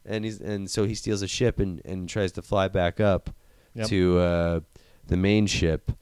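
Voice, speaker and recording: A man's voice: low-pitched, fairly even intonation, measured pace, darkish tone, clean tone, dry recording, clean studio sound. A young man in casual chat, retelling a movie in a rambling, profane way and acting out the characters.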